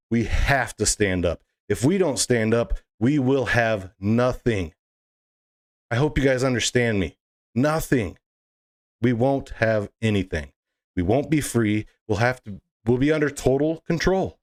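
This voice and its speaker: With a mid-range voice, this man rants passionately to camera as a political video blogger, his delivery emphatic, fiery and full of indignation.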